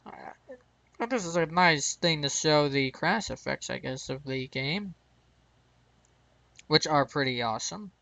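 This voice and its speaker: A man's voice: fairly high pitch, animated, unhurried, creaky, pauses often, sharp tone, no echo, poor audio. An American man hosting his gaming channel, rambling through casual gameplay commentary and chuckling at his own mistakes. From United States.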